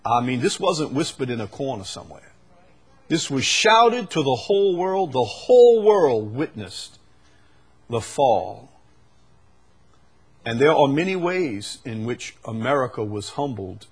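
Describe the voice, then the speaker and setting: Husky preacher with dramatic swings. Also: male voice, very animated. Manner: swings from quiet, low asides to loud drawn-out proclamations; repeats phrases for emphasis and reads scripture aloud. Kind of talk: sermon.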